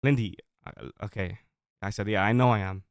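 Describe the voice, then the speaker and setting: A man's voice: fairly low pitch, fairly even intonation, brisk, clean tone, no room sound, studio quality. A man on a livestream reading out old messages and defending himself, rambling at length. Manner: defensive, rambling, reads screenshots aloud. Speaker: streamer.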